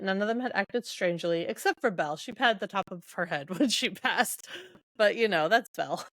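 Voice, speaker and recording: A woman's voice: mid-range voice, no room sound. Chatty woman recapping a book, dry sound. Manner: chatty, laughs while summarizing. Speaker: podcast host.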